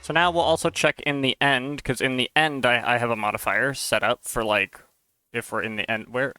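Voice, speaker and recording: A man with a bright, forward tone, chatting casually on a live stream while he tests his game mod. He thinks aloud as he goes, musing and sometimes unsure of what he sees. His pitch sits in an ordinary middle range. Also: fairly even intonation, moderate pace, clear, resonant tone.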